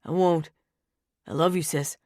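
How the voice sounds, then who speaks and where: A woman's voice: deep voice, fairly even intonation, measured pace, a little mellow, dry recording, clean studio sound. A woman voicing a young mafia man who stays cheerful and blasé, in an audiobook. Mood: apologetic. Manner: blasé, cheerful under fire. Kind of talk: audiobook character voice.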